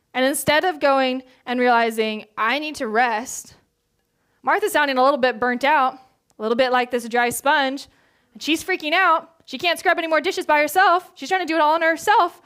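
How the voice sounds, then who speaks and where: Female preacher, informal sermon delivery, higher-pitched voice, acts out quotes. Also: a bit bright. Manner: casual, chatty, with many filler words. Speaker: church speaker. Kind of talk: conversational sermon.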